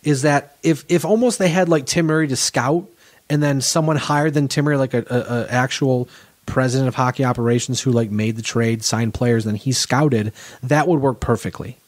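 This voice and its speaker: A man's voice: mid-range voice, normal speed. A man co-hosting a casual sports podcast, talking in long rambling runs full of restarts and self-corrections. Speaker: podcast co-host.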